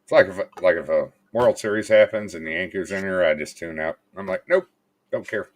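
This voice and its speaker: A man's voice: sits low, brisk. A man co-hosting a casual sports chat, laid-back, with short asides. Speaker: podcast co-host.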